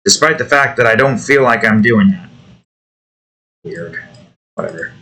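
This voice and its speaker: A man's voice: on the low side, lively intonation, a little slow, pushed and bright. A tired man rambling and grumbling to himself in casual commentary while he builds a game. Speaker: game developer vlogger.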